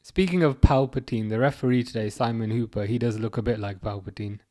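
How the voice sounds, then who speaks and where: A man hosting a live football watchalong, reading chat messages aloud and answering them in a chatty, halting way full of fillers and restarts. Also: medium pitch, dark tone. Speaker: livestream host reading chat.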